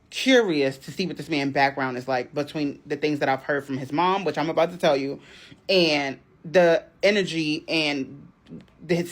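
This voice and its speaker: Animated woman telling a dating story. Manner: animated, dramatic retelling with sudden high outbursts. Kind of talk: casual storytime vlog.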